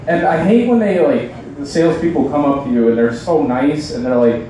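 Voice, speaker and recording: A young man doing a halting, deadpan stand-up set at a bar open mic night. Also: medium pitch, slight background noise. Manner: halting, deadpan delivery with many ums. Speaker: stand-up comedian. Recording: echoey bar sound from a distance.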